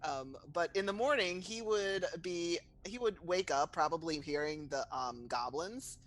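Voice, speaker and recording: A man's voice: a little high, unhurried, a bit bright, rough recording. A man playing in a tabletop game, rambling and hesitant as he describes his character. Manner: rambling, laughs while talking. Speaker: player.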